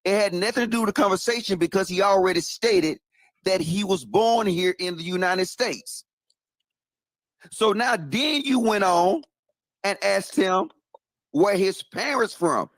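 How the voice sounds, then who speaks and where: A man's voice: sits high, lively intonation, a little slow, no room sound. A man on a debate panel who keeps interrupting to make his point. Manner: interrupts, tries to take the floor. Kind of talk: argumentative panel talk.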